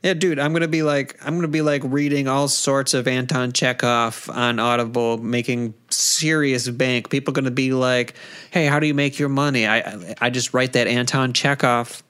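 A man's voice: medium pitch, fairly even intonation, moderate pace, hardly any pauses, fairly bright tone, clean tone. A man co-hosting a casual podcast, easygoing and laughing along. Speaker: podcast co-host.

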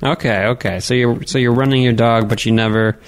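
A man's voice: medium pitch, steady tone, brisk. A man chatting casually on a podcast, hesitant and often laughing between thoughts. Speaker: podcast co-host.

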